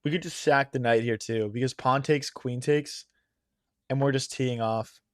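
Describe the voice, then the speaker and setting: A young man thinks aloud over a chess game in a chatty live-stream, addressing chat as "guys," his voice strained and going after long hours on stream. He has a medium pitch and a steady tone, speaking at normal speed. The studio-quality recording carries no room sound.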